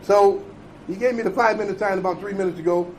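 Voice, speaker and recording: Emphatic, high-voiced man preaching recovery. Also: steady tone, fast, slight background noise, low-quality recording. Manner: emphatic, repetitive, blunt with profanity; conversational, checks in with "okay?" and "right?". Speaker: recovery conference speaker.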